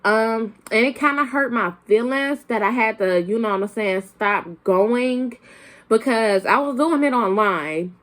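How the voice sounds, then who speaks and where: A woman's voice: a little high, unhurried, a bit bright. Young woman with a country twang. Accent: Southern US country accent. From Flint, Michigan, raised in Arkansas. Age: young adult. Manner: rambling, many fillers and restarts. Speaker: vlogger. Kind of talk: casual chat to camera.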